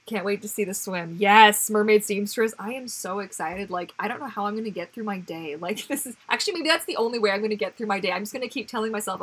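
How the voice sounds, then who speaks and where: Woman streamer, casual chat to viewers, husky and breathy, chatty with frequent restarts. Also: mid-range voice, fast talker, hardly any pauses. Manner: chatty, rambling, many fillers and restarts, laughs often. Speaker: livestream host. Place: home.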